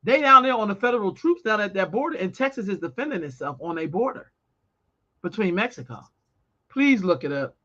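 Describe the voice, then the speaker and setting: A woman's voice: mid-range voice, sing-song, fairly quick, a bit bright, muffled recording. A woman co-hosting a podcast in casual chat, talking bluntly and emphatically with plenty of profanity. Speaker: podcast co-host.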